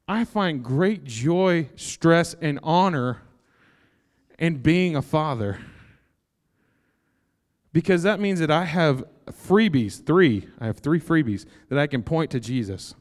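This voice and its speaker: A young man preaching a sermon, animated and joking, breaking into excited shouts. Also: on the high side, measured pace. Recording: long hall reverb.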